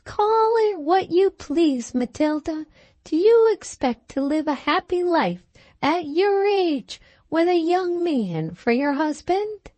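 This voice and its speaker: A high, shrill society matron full of disapproval, as a woman reader puts her on. Her pitch leaps about, and the reading is slow and close, with a dry, quiet room behind it. She sounds scandalized and bitter, as if on the verge of leaving. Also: expressive, no echo, exaggerated voice. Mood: indignant.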